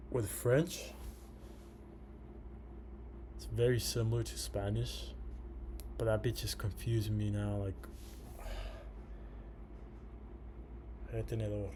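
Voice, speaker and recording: A man's voice: mid-range voice, steady tone, takes it slowly, pauses often, background noise. A man with a slight lisp from a retainer, rambling casually through a profane trading recap. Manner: rambling, profane, says "bro" a lot. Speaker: day trader.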